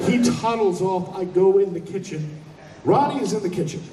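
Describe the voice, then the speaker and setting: A man telling a comic story on stage in a convention hall, animated, profane and laughing. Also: sits high, moderate pace, a crowd in the background. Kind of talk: stand-up storytelling. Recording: echoey hall from far off.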